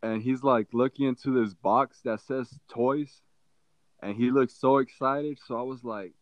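A young man on a podcast telling a funny personal story in a casual, animated way, acting out what people said. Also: medium pitch, measured pace, dry recording. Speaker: podcast co-host. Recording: dull, dry sound.

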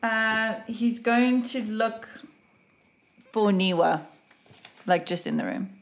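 A woman player in a tabletop role-playing game, thinking her moves through out loud. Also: on the high side, slow pace. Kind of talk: casual tabletop play.

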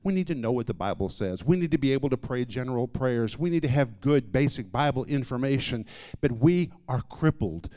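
A male preacher recounting a story from the pulpit in a middle-pitched voice. He drops to near-hushed asides and then rises into loud, emphatic declarations, giving the telling a dramatic shape. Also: animated, a little fast. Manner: dramatic storytelling with sudden swings between quiet and loud. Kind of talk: sermon storytelling.

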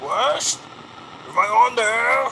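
A man's voice: very high voice, animated, slow, gravelly, sharp tone, a little hiss or hum, exaggerated voice, low-quality recording. Man playing a needling radio caller. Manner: mock-innocent needling. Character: snarky male radio caller.

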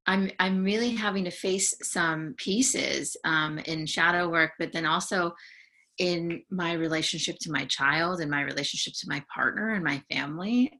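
A woman from the San Francisco Bay Area, a podcast guest speaking candidly in a halting, emotional way with frequent restarts. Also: on the low side, sharp tone. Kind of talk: candid conversational sharing.

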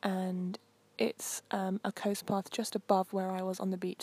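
Breathy woman chatting on a walk. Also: mid-range voice, flat delivery, a little slow, a little mellow. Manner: chatty, meandering, with frequent ums. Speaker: host. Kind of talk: casual narration while walking. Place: outdoors on a coast path.

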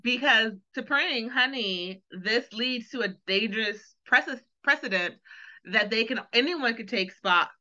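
A woman co-hosting a casual podcast with a bright, forceful voice. She talks in an animated way and acts out characters' lines. The sound is dull and lo-fi. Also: fairly high pitch, measured pace. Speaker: podcast co-host. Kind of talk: casual chat reviewing a TV episode.

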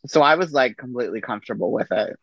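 Gravelly-voiced man telling stories. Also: mid-range voice, fast, no room sound, muffled recording. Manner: relaxed anecdotal delivery with quoted dialogue. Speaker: podcast guest, army veteran. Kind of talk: casual storytelling.

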